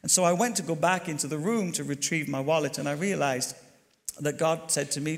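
An Irish man telling a story during his sermon as a pastor, chatty and animated, talking straight to the congregation. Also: fairly high pitch, brisk, creaky. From Ireland. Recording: long hall reverb.

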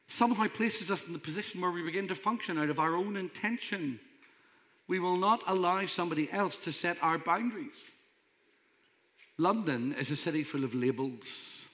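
Male pastor, emphatic conversational preacher, bright voice, reverberant hall. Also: a little high. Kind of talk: sermon.

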